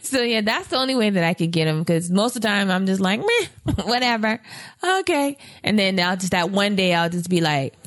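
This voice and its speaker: A woman co-hosting a casual podcast chat, animated and acting out little quotes as she tells stories. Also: a little fast, hardly any pauses. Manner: animated, acts out quotes with big pitch jumps. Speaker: podcast co-host.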